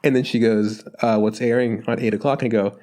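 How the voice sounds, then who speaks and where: A man's voice: lowish voice, fairly quick. A man co-hosting a podcast, chatting casually and telling stories with lots of swearing and jokes. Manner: profane, joking, animated storytelling. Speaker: podcast co-host.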